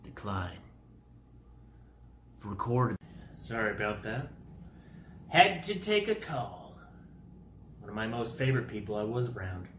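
Animated goofy man in an echoey room. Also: on the low side, a little slow, pauses often, slight background noise. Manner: animated, goofy exaggeration, made-up words. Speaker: vlogger. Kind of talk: comic storytelling rant.

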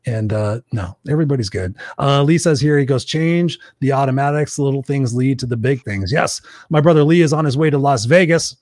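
A man's voice: mid-range voice, fast, darkish tone, dry recording, studio quality. A man hosting a live chat show, upbeat and playful as he reads viewer comments aloud. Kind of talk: casual livestream chat.

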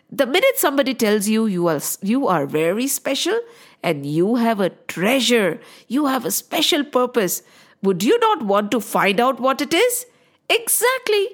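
A woman telling a story to children and asking them many questions. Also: a little high.

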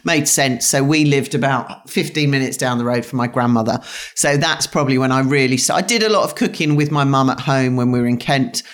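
A woman's voice: rumbling low, fairly quick. A middle-aged woman from England, a chef, chatting casually in a home kitchen and rambling with many restarts. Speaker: chef and guest. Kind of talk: casual interview chat.

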